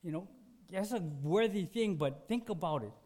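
A man preaching a sermon, telling a personal story conversationally, dropping to a hush and then rising to emphatic peaks, still sore after surgery. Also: sits high, expressive, normal speed. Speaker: pastor.

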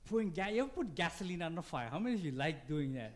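A man's voice: sing-song, quick pace, few pauses. A man, a pastor, preaching a conversational sermon, asking the congregation questions and acting out little quoted exchanges with sudden jumps in his voice. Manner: dynamic, acts out quotes with big pitch jumps.

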